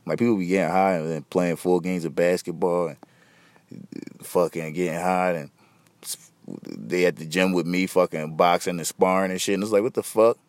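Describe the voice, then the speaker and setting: A man's voice: low-pitched, normal speed, no echo. A young man hosting a podcast, rambling in loose, slangy, profane casual chat. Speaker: podcast host.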